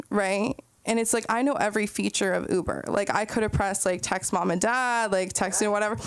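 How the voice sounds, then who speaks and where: A young woman doing a rambling stand-up set, telling stories full of "like" and quick asides. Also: medium pitch, fairly even intonation, smooth, no room sound. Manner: rambling, breathless storytelling with lots of "like". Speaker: stand-up comedian.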